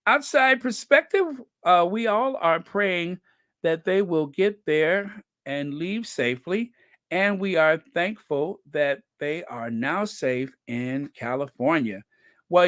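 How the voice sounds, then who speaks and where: A man hosting a casual livestream, reading viewer comments aloud slowly and chuckling between them. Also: on the high side, expressive, a bit bright, no room sound, clean studio sound. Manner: slow and chatty, reads comments aloud with frequent "let me see" and chuckles. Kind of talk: casual live-chat commentary.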